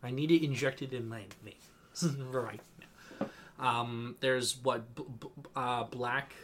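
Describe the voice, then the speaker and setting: A man's voice: mid-range voice, fairly even intonation, slow pace, a bit bright, slight background noise. A man co-hosting a casual podcast about movies and games, laughing often and trailing off into mumbles. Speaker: podcast co-host.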